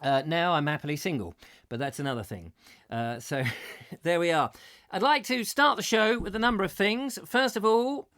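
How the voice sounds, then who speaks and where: A man's voice: high-pitched, lively intonation, moderate pace, fairly bright tone. A middle-aged man hosting a live chat show, chatty and theatrical with rambling asides while he reads out viewer comments. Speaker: host.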